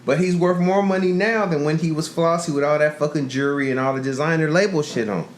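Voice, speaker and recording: A middle-aged man co-hosts a podcast, trading profane stories in casual chat and acting out quotes. His voice sits fairly high, with fairly even intonation and a quick pace. The recording has a roomy echo and faint background noise.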